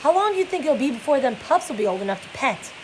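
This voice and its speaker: A woman's voice: high-pitched, sing-song, quick pace, darkish tone, slight background noise, voice pushed up, poor audio. A woman reading the lines of a big, simple-minded, childlike man in a raised, anxious voice.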